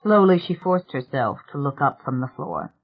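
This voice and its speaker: An audiobook narrator reading a thriller in a measured, even way. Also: medium pitch. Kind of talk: scripted narration. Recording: tinny phone-like sound.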